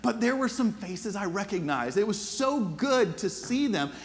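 Guy preaching a sermon, kinda high pitched, telling stories, echo hanging in a big church. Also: big pitch swings, a little slow. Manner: earnest, conversational storytelling. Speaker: pastor. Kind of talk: storytelling sermon.

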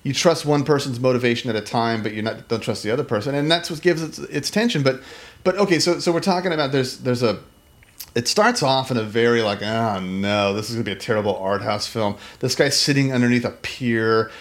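A podcast co-host with a medium-pitched male voice talks fairly quickly and casually about a film. He's animated and rambling, full of restarts and fillers, and he acts out quoted lines in different voices.

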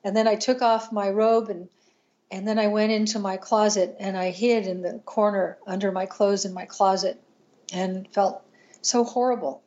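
An older woman, a podcast guest, tells a painful personal story in an earnest, halting way, with restarts and pauses. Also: medium pitch, fairly even intonation, mellow, lo-fi sound.

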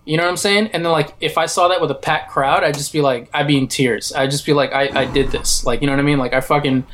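A man's voice: on the high side, steady tone, fast talker, fairly bright tone. A man co-hosting a casual film podcast, talking with big enthusiasm, swearing freely and acting out lines from scenes. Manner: enthusiastic, swearing, acts out quotes. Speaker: podcast co-host.

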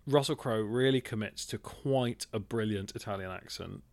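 A man co-hosting a podcast and chatting about a film in a rambling, animated way, swearing and laughing often. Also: fairly low pitch, moderate pace, creaky. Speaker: podcast co-host. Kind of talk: casual film chat.

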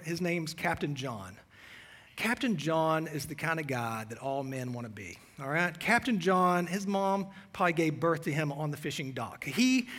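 A middle-aged man preaching a sermon as pastor, telling stories in a relaxed, self-deprecating way and reading scripture aloud. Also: sits high. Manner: conversational, self-deprecating storytelling. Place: church sanctuary.

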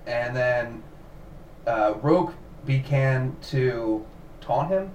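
A man's voice: medium pitch, expressive, drawn-out words, a little mellow. A man hosting a casual podcast and telling a cult story from his notes, repeating himself now and then. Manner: narrates from notes, repeats words, laughs easily. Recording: roomy distant mic with faint noise.

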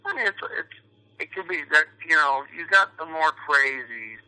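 Bright-voiced rambling New York man. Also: fairly high pitch, animated, moderate pace, smooth, poor audio. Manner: rambling, full of fillers and restarts. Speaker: actor guest. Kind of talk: casual interview chat.

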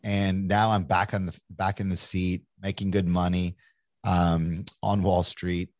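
A man's voice: deep voice, flat delivery, unhurried, darkish tone, no echo. A man in his forties from Kentucky, an entrepreneur telling his story in a candid, rambling interview with many restarts. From Kentucky, USA. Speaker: entrepreneur guest.

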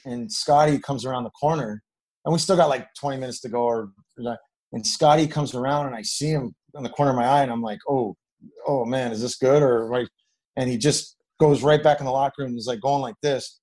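Middle-aged ex-player, relaxed rambling storyteller, mid-range voice. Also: male voice, medium pitch, fairly quick, low-quality recording. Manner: rambling, animated when quoting others. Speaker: former hockey player guest. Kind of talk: casual storytelling.

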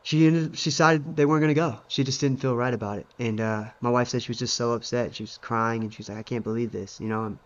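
A married man, co-host of a faith podcast, tells a story at a quick clip, full of uh and you know. His voice sits mid-height, and the recording is a bit dull and muffled. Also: medium pitch, fairly even intonation. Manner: rambling storyteller with many fillers. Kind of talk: casual faith discussion.

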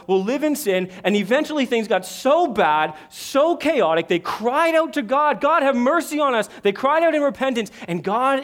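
Male pastor, high voice, emphatic sermon delivery with sudden hushed drops. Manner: emphatic, rising and dropping to a hush.

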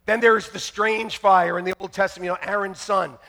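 A man preaching a fiery sermon to his church, shouting and joking by turns. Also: high voice, fairly even intonation, brisk, vocal fry. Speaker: pastor. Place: church sanctuary.

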